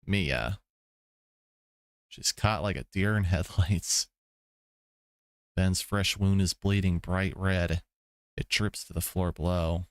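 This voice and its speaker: A man's voice: deep voice, slow pace, pauses often, no echo, studio quality. A man streaming a visual novel, reading the story aloud with laid-back commentary, swearing asides and chuckles. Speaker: let's play streamer.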